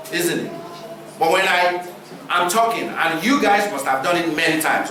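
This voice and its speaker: Animated preacher in an echoey hall. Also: male voice, high-pitched, background noise. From Nigeria. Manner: rhetorical questions and deliberate pauses. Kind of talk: sermon. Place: church hall. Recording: roomy hall recording, distant mic.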